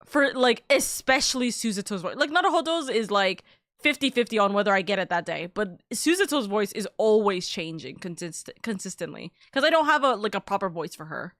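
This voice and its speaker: A woman's voice: mid-range voice, lively intonation, fairly quick, fairly bright tone, no echo, clean studio sound. A young adult woman hosting a live stream, chatting casually in a rambling way, with lots of filler and cursing. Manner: rambling, swears freely, many "like"s. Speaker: streamer host.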